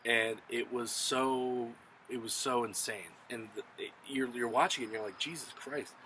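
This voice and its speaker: A man casually reviewing a TV episode, retelling the plot in an excited, profane, rambling way. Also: mid-range voice, measured pace, a little hiss or hum, poor audio. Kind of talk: casual spoken recap and review.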